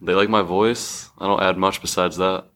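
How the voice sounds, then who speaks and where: A man's voice: deep voice, steady tone, normal speed, fairly bright tone. A young man in his twenties, the host's younger brother, giving short, laconic answers in casual chat.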